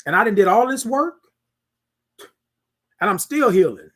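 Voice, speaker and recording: A man with a high voice hosts a casual monologue podcast at a measured pace. He talks animatedly and preaches at his listeners, asking them "y'all feel me."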